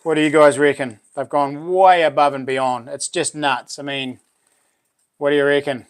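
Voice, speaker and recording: A man hosting a casual livestream chat, laughing often and reacting excitedly to viewers. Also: a little high, normal speed, clean tone. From New Zealand. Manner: chatty, laughs often, exclaims. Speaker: livestream host.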